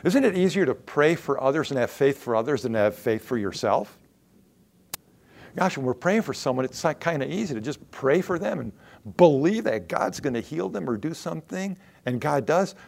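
Gravelly earnest male preacher. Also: on the high side, lively intonation, moderate pace. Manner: earnest, varies pace, drops to soft asides. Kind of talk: sermon.

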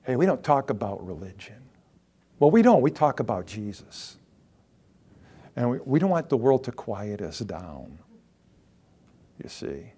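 Lively preaching man, swinging loud to hushed. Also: mid-range voice, a little slow, long pauses, breathy edge. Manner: lively, rises loud then drops to near-whispers. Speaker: pastor. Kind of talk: sermon.

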